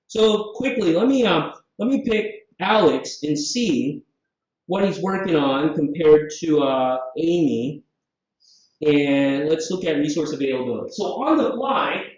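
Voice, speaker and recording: A man from Southeast Asia giving a live conference software demo, lively and jokey, full of rhetorical questions. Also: high voice. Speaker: conference presenter. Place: conference room. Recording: very echoey, distant, dull hall sound.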